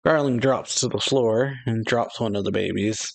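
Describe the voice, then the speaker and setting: A man's voice: lowish voice, moderate pace, creaky. A man hosting a manga chapter reaction, talking casually with many fillers and laughing at his own slips.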